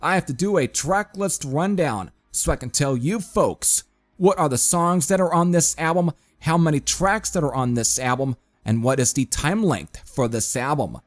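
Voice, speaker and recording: A man's voice: a little high, normal speed, faint music behind. Chatty man reviewing a metal album. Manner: chatty, addresses viewers as folks, frequent fillers. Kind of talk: casual spoken album review.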